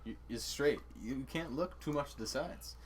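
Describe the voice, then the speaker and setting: A man's voice: mid-range voice, moderate pace, background noise. A man co-hosting a casual podcast, summing up story points with lots of fillers. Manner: explains plot points, filler-heavy. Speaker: podcast co-host. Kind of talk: casual chat.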